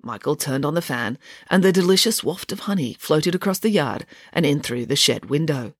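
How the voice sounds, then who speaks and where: A woman's voice: low-pitched, moderate pace, no room sound, clean studio sound. Playful woman reading a children's story. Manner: playful, wry, expressive. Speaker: storyteller, author reading own book.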